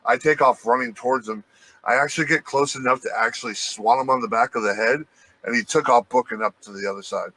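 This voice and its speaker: Bright-voiced man telling a profane story. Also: mid-range voice, fast, poor audio. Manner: profane, animated anecdote telling. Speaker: podcast co-host. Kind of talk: casual storytelling.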